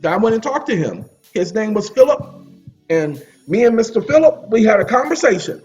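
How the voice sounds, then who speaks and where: A man with a fairly high voice explains law to his viewers in a casual, animated way. He lectures and addresses the audience directly, with faint music behind him. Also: moderate pace, lo-fi sound. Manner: animated, preachy, talks straight to viewers. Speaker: channel host. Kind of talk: casual legal explainer with screen search.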